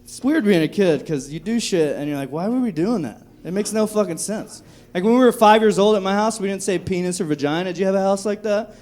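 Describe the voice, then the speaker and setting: A man from Texas performing a live stand-up set on a comedy club stage, with profane, dark, self-mocking jokes. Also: sits high, quick pace, hardly any pauses. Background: audience laughter.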